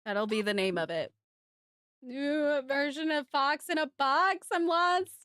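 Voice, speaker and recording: A young woman streaming a game, excitable and gushing as she thanks her chat. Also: high-pitched, a little slow, dry recording, studio quality. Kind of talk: casual live-stream chat.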